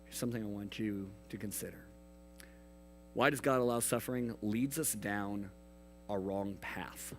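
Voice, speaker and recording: A man preaching a youth sermon in an earnest manner, swinging between hushed and emphatic. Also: fairly low pitch, normal speed, faint music behind, low-quality recording. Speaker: youth pastor.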